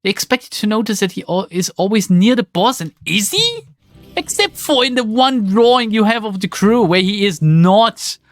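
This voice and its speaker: Game streamer, lively swooping pitch, sarcastic and exasperated, swears a lot, dry close sound. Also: normal speed, no echo. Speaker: let's play streamer. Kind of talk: casual game commentary.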